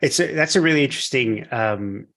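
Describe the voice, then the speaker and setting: A man's voice: mid-range voice, expressive, fairly quick, a bit bright. A middle-aged man hosting a podcast, enthusiastic and encouraging in casual chat. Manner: enthusiastic, encouraging, laughs easily. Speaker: podcast host.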